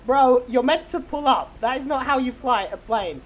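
A young man in a game role-play, playing a tow truck driver with excitable, teasing commentary and frequent laughter. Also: very high-pitched, normal speed.

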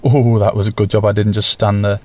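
A man hosting a gaming channel, giving casual, jokey, self-mocking commentary over his play with sudden excited bursts. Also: lowish voice, brisk.

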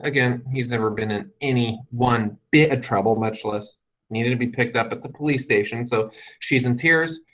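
Giving a storytelling presentation as a guest, a man uses wry humor and dry asides while plainly explaining his points. His voice is mid-range and a bit bright at normal speed, on a low-quality recording with a little hiss or hum.

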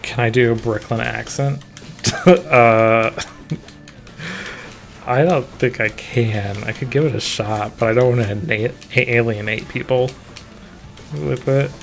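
Slow, gravelly-voiced game streamer. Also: male voice, medium pitch, faint music behind. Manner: relaxed, self-deprecating, mumbling to himself. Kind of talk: casual live stream chat.

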